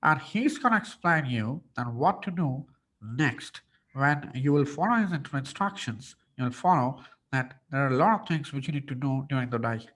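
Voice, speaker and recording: A man's voice: medium pitch, lively intonation, normal speed, a bit bright, pitched below the performer's own voice. A man putting on a friendly Australian direction-giver.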